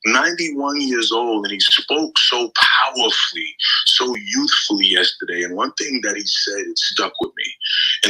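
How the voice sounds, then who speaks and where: A man's voice: lowish voice, a little slow, bright, forceful tone, a little hiss or hum, poor audio. A man speaking in an audio chat room in a reflective, inspired way.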